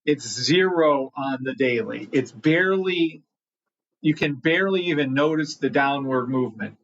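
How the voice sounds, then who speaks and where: A man hosts a live trading stream, reading chat, greeting people by name, and giving market commentary bluntly with plenty of swearing. His mid-range voice is a bit bright at a normal speed, and the recording sounds muffled.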